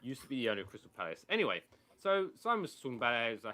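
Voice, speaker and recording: A man's voice: medium pitch, sing-song, very fast, pushed and bright. A man co-hosting a podcast over a video call, chatting casually about football and mocking the pundits he retells. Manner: rambling, mocking storyteller. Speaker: podcast co-host.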